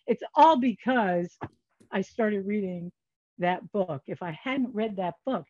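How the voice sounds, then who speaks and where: Speaking slowly in a mid-range voice, an older woman who is a guest economist tells stories during a casual podcast interview. She's animated, acting out the dialogue she quotes, and the sound is muffled and lo-fi.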